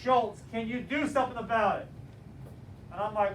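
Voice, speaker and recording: A man teaching a class, telling a story in an animated, direct and motivational way. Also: extremely high pitch, normal speed. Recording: distant mic with faint room noise.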